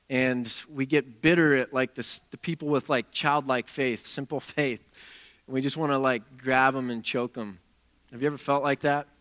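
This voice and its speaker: Bright-voiced man preaching, casual and halting. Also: medium pitch. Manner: conversational, halting with many restarts and fillers. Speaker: pastor. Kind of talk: sermon.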